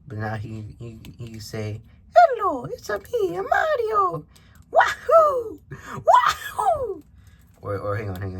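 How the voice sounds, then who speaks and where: A man chats casually in an unboxing vlog while reviewing a toy figure, rambling and breaking off into frequent asides. His voice is medium-pitched, recorded on a camera microphone with slight background noise.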